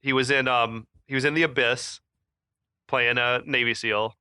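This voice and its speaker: A man talks casually as a podcast co-host, laughing often and filling his sentences with "like" and "um". His voice is bright and forward. The sound is dry and close. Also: mid-range voice, fairly even intonation, moderate pace, clear, resonant tone, no echo. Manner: chatty, laughs often, many fillers. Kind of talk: casual chat.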